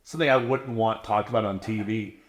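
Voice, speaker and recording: A man in his thirties talking candidly in a casual interview, animated and acting out voices as he tells stories. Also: fairly low pitch, brisk, reverberant. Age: 30s. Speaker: interviewed contestant.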